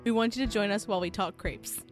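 A woman's voice: mid-range voice, quick pace, over music. A woman co-hosting a casual podcast, playful and joking as she tells stories. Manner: playful, jokey storyteller. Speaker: podcast co-host. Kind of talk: casual chat.

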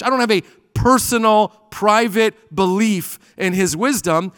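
A man's voice: high voice, measured pace, fairly bright tone, clear, resonant tone, no room sound, studio quality, big-room sound. A man preaching a sermon to a church congregation, telling stories and acting out the dialogue in them. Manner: storytelling, acting out quoted dialogue. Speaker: pastor. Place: church sanctuary.

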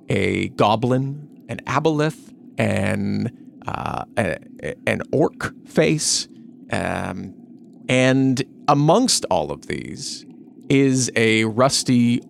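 A man narrating as the game master of a tabletop role-playing game, describing scenes slowly with pauses. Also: fairly low pitch, creaky, a little hiss or hum.

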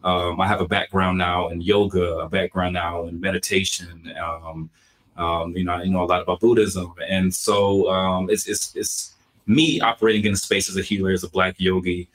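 A man co-hosting a podcast interview, talking in a halting way with many fillers and restarts. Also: low-pitched, little pitch movement, a bit bright, low-quality recording. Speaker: podcast co-host. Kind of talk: conversational interview.

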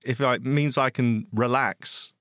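A man co-hosting a podcast, chatting casually and teasing with quick one-liners. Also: medium pitch, fairly even intonation, a bit bright, no room sound, studio quality. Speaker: podcast co-host. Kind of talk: casual chat.

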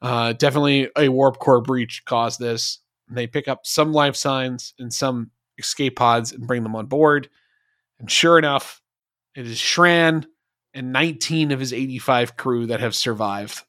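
A man's voice: medium pitch, a little slow, fairly bright tone, no room sound, studio quality. A man co-hosting a podcast, chatting casually through an episode review with lots of fillers and restarts. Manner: rambling, many fillers and restarts. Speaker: podcast co-host.

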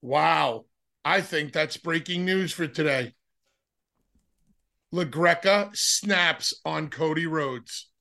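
A man's voice: on the high side, slow pace, gravelly, long pauses, pushed and bright. A man co-hosting a wrestling podcast, teasing and wisecracking in casual chat. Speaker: podcast co-host.

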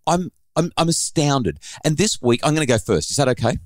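A middle-aged man hosting a parenting podcast, telling a family story in an animated way with frequent restarts. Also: a little high, fairly quick, no room sound.

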